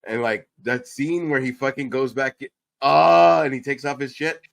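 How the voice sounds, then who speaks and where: A man's voice: medium pitch, normal speed, fairly bright tone, dry recording. Blunt, joking man on a podcast. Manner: blunt, joking, swears freely. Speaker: podcast co-host. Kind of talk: casual chat.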